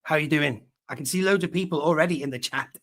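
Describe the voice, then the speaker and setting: Guy hosting a live stream, kinda high voice, chatty, reads out names from the chat. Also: fast, a bit bright. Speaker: host of a live fan show.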